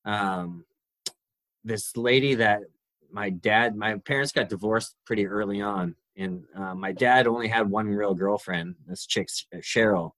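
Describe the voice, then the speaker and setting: A man's voice: lowish voice, a little slow, fairly bright tone, dry recording. A man in his forties, a guest on a podcast, chatting casually in a laid-back, self-deprecating way. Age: 40s. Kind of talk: casual chat.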